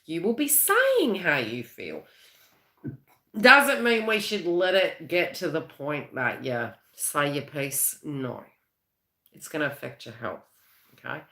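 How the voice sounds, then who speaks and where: A woman's voice: deep voice, very animated, slow pace, a bit bright. A woman from Australia hosting a live psychic reading, chatty and rambling, laughing often as she talks. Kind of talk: live-stream tarot and astrology reading. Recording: echoey room.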